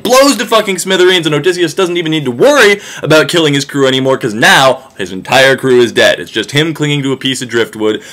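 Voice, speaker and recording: A man's voice: fairly high pitch, bright, forceful tone. A man narrating a myth in a casual, sarcastic and profane comic retelling.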